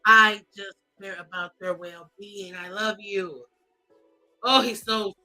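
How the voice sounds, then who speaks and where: A woman's voice: a little high, low-quality recording. A woman hosting a gossip commentary show, reading celebrity posts aloud and reacting with sass, mock cries and drawled asides. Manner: animated, sassy, mock-crying, drawling asides. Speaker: commentary host.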